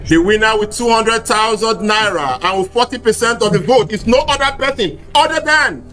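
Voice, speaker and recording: A man hosting an online contest, announcing winners in an animated, drawn-out way. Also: sits high, faint music behind. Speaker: contest host.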